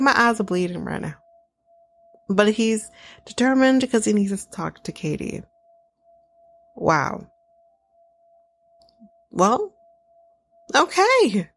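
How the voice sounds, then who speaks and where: A woman with a gravelly, mid-range voice hosts a podcast, recapping a show in casual conversation. She's blunt and sarcastic, swears freely, and laughs at her own asides while talking lively and directly to listeners.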